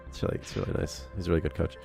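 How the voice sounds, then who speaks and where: A deep-voiced man chatting loosely through a game development stream, wandering from topic to topic. His sentences ramble and fill up with "like" and small laughs. Soft music runs faintly behind him. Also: gravelly. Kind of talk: casual live-stream chat.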